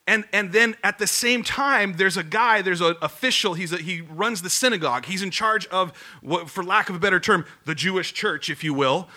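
A man's voice: sits high, lively intonation, moderate pace, few pauses, bright, forceful tone. A man giving a sermon as a pastor, telling the story casually and acting out the voices in quotes.

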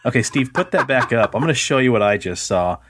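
Lively and fast-talking, this man has a medium-pitched, fairly bright voice with a touch of hiss or hum. He co-hosts a casual podcast over a video call from home on a computer mic, cracking jokes, swearing, and going off on tangents.

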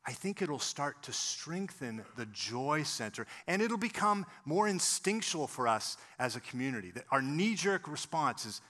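Man preaching, telling stories, bright and forceful, does little voices for people. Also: a little high, moderate pace, few pauses. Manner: animated storyteller, acts out quoted voices. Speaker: pastor. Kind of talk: sermon with storytelling.

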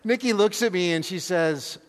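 A man preaching, telling a personal story with animated, self-deprecating humor and acting out scenes. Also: high voice, normal speed, in a large hall, a little hiss or hum. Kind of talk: sermon storytelling.

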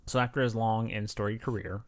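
A man's voice: fairly low pitch, a little fast. A man co-hosting a podcast, chatting casually and reading out facts with laughing asides. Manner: relaxed, chatty, reads facts aloud with asides. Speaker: podcast co-host. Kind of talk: casual chat.

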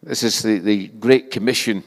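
A man's voice: fairly low pitch, moderate pace, in a large hall. An older man with a Scottish accent preaching a sermon in a conversational, self-deprecating way, often restarting his sentences. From Scotland.

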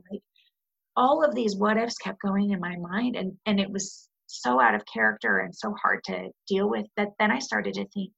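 Gravelly-voiced woman sharing her grief. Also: mid-range voice, animated, moderate pace, fairly bright tone. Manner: candid, reflective, many fillers and restarts. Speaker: guest. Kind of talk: personal conversation about grief. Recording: muffled lo-fi podcast audio.

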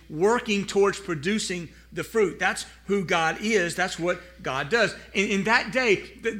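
A man preaching a sermon to a live congregation. He speaks earnestly, often repeats words as he starts over, slows down for scripture, and calls on the listeners to answer aloud. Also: sits high, pushed and bright. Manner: asks the congregation to respond aloud. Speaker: pastor.

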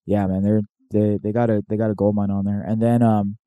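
A man's voice: on the low side, level tone, a little fast, dark tone, clear, resonant tone, no echo. A man chatting casually and swearing freely, rambling as he retells comedy sketches. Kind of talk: casual chat.

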